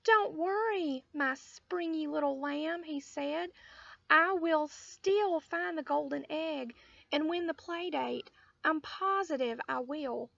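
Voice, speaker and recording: A woman's voice: high voice, takes it slowly, gravelly, a bit bright, no echo, voice pushed up, heavily acted. A woman voicing a plotting, dramatic little boy in a storybook reading. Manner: dramatic, plotting, drops to a whisper. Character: scheming little boy Sheldon. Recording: dull lo-fi audio.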